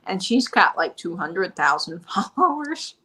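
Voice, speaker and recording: Bright-voiced chatty woman. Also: fairly low pitch, measured pace, poor audio. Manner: chatty storyteller, animated retelling. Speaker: shop host. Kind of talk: casual live-stream chat.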